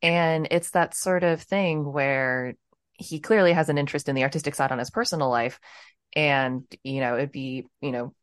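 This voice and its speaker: A woman's voice: deep voice, steady tone, moderate pace. A woman hosting a casual podcast interview, chatting in a rambling way full of fillers. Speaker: podcast host.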